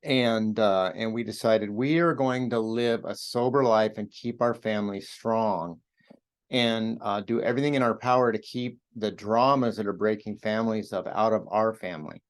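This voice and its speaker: A man's voice: on the low side, fairly even intonation, normal speed. A middle-aged man in a podcast interview, telling his own story in an earnest, reflective way with frequent fillers and restarts. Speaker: podcast host and author sharing his recovery story.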